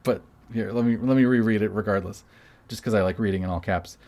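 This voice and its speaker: A man's voice: on the low side, fast, a little mellow. A man co-hosting a casual chat podcast, explaining a topic, joking and reading quotes aloud. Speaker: podcast co-host.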